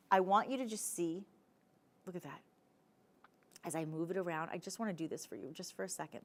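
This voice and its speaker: A woman with a New Jersey accent hosting a live TV shopping show, pitching jewelry in a chatty, animated sales patter. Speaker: shopping channel host. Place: TV studio.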